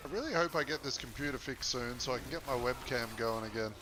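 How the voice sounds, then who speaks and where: A man's voice: mid-range voice, fast talker. A man casually chatting and joking with viewers during a game stream. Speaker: gaming streamer. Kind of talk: casual live-stream chat. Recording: noisy background.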